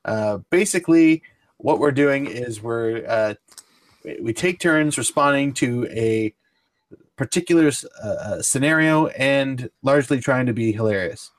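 Unhurried and animated, a medium-pitched male podcast host runs a casual comedy podcast in a playful, mock-formal manner. He frequently trips over his words and starts his sentences again.

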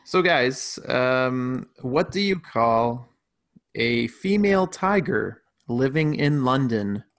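A man on a casual comedy podcast, telling corny jokes deadpan and chuckling at them. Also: mid-range voice, takes it slowly. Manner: chuckling, deadpan joke-teller. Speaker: podcast co-host.

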